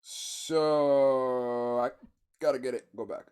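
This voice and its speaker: A man's voice: medium pitch, fairly even intonation, slow pace, a little mellow, clear, resonant tone. A laid-back man co-hosting a podcast in casual chat, with hiccups, giving short agreeing replies and swearing casually. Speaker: podcast co-host.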